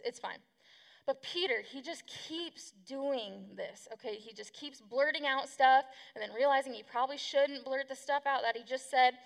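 A woman's voice: sits high, fairly bright tone, in a large hall. A woman preaching a casual youth sermon, chatty and slangy, acting out the people she talks about. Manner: chatty, slangy, acts out quotes. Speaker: youth pastor.

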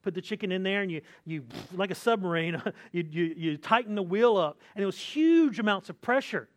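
High-voiced man preaching a conversational sermon. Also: lively intonation, a little fast. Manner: conversational preaching, frequent "right?" asides; acts out complaining voices with sighs. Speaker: pastor.

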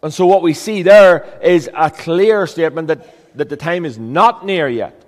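Man, pastor, earnest emphatic sermon, higher voice, long church reverb. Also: a little slow, darkish tone. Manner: earnest, emphatic preaching with rhetorical questions.

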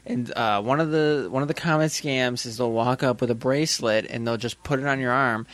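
A man's voice: medium pitch, fairly quick. A young man co-hosting a podcast, chatting casually and acting out the people in his stories. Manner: animated storyteller, acts out the people in his stories. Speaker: podcast co-host. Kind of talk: casual chat.

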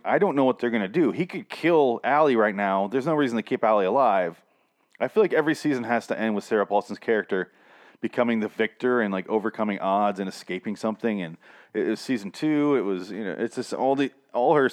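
A man with a rather low voice recapping a TV season in a loose, rambling way. He swears freely and keeps cracking jokes and going off on tangents. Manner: rambling, profane, wisecracking. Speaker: TV show reviewer. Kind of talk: casual recap vlog.

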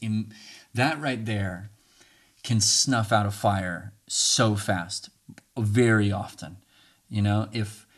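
Earnest low-voiced male podcast host. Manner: earnest, coaching, repeats phrases for listeners to say along. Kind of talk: casual podcast talk on communication.

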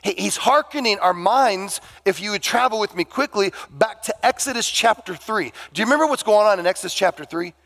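A man preaching a sermon as pastor, animated and acting out the dialogue of the people in his story. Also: high-pitched, a little fast, hardly any pauses. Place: church sanctuary.

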